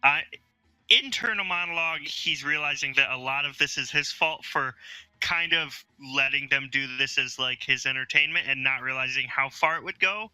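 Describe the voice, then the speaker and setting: A man's voice: mid-range voice, normal speed, sharp tone, clean tone, dry recording, rough recording. A man playing a tabletop game, chatty and explaining his character's thoughts aloud. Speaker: player. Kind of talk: casual tabletop role-play.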